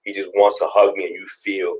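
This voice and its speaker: A young man with a deep, low voice speaks in a casual interview. He is earnest and tells long personal stories, often restarting a phrase as he goes. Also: little pitch movement, brisk, rough recording. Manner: earnest, storytelling, many restarts. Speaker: guest, father.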